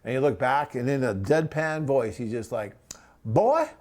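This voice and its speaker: A chatty man hosting a live web Q&A, speaking at an average pitch. He rambles through viewer questions and personal stories, often tagging on "right?" and filling pauses with "um". He talks into a desk microphone at his computer. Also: darkish tone. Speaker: host answering viewer questions. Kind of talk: casual live webcast Q&A.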